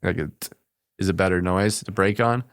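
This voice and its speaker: Deep-voiced man telling war stories. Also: fairly even intonation, moderate pace, no echo, clean studio sound. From United States. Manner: plainspoken, matter-of-fact, with brief laughs. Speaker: podcast guest, combat veteran. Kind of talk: casual storytelling in conversation. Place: podcast studio.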